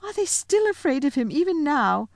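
Brief: woman reader doing an anguished little girl, high and sobbing, storybook reading. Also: very animated, normal speed, dry recording, clean studio sound. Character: tearful young girl, horrified.

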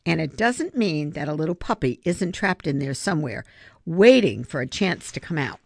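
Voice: mid-range voice, expressive, normal speed, gravelly, dry recording, studio quality. A reader voicing a passionate, earnest schoolgirl who loves animals, insistent in tone. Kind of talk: audiobook character reading.

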